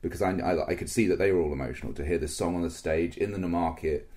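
A man's voice: sits low, a little mellow. A man co-hosting a podcast, talking earnestly in a casual chat, often stopping and restarting his sentences. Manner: halting, full of restarts, earnest. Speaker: podcast co-host. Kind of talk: casual chat about a live-action roleplay event.

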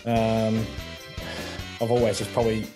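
A man's voice: fairly low pitch, measured pace, music in the background. A man in his thirties with an Australian accent, a former footballer chatting casually as an interview guest and calling the host mate. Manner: relaxed, laid-back, says mate often.

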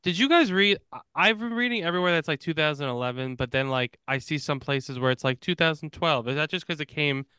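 A man co-hosting a movie podcast, chatting casually and reading out film stats with quick restarts. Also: a little high, animated, bright, forceful tone, clear, resonant tone, no echo, clean studio sound. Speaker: podcast co-host. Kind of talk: casual chat.

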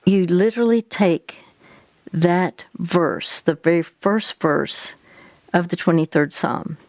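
A woman's voice: lowish voice, slow, a little mellow, dry recording. A woman hosting an advice talk, patiently guiding a caller step by step. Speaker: host giving faith-based advice.

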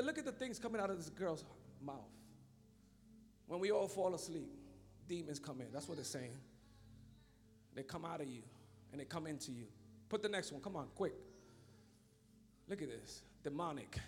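A man preaching a sermon as pastor, swinging between fervent shouts and low muttering. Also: expressive, moderate pace, long pauses, long reverb tail, soft background music. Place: church.

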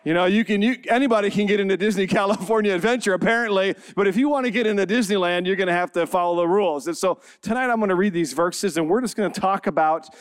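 A man's voice: sits high, quick pace, few pauses, smooth, no room sound, studio quality. A man in his forties, a pastor, opening his sermon with a funny personal story before reading scripture and praying. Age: 40s. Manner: humorous, self-deprecating storytelling, laughing often.

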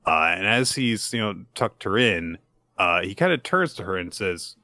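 A man co-hosting a podcast, recapping manga chapters in casual chat, who often jumps into a high voice to act out characters' lines. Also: animated, normal speed, sharp tone, dry recording. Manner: restarts and fillers. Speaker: podcast co-host.

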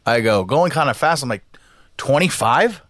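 A man's voice: mid-range voice, normal speed, no room sound, studio quality. A man co-hosting a podcast, telling a story in casual chat, swearing and acting out the people in it. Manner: animated, swears, acts out voices in his story. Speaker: podcast co-host.

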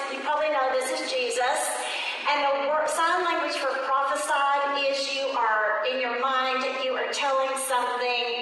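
A woman's voice: sits high, fairly bright tone. Emphatic woman teaching in an echoey hall. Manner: emphatic, call-and-response teaching. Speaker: Bible study teacher. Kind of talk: women's Bible study teaching.

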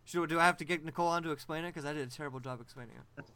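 A man's voice: fairly high pitch, racing, sharp tone, clear, resonant tone. A man hosting a podcast in casual chat, laughing often and swearing loosely. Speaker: podcast host.

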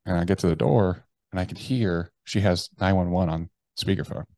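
A man, a podcast guest, telling a personal story bluntly and profanely, with halting restarts. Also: low-pitched, vocal fry, darkish tone. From United States. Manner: blunt and profane, with slangy address.

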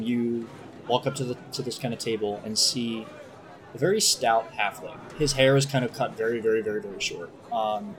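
A man's voice: medium pitch, a little hiss or hum. A man narrating as game master in a tabletop game, describing scenes in a loose, rambling way with many fillers.

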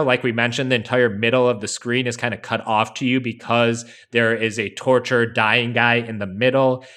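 A man co-hosting a podcast, talking casually and analytically with plenty of fillers. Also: medium pitch. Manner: relaxed, explanatory, many fillers. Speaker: podcast co-host.

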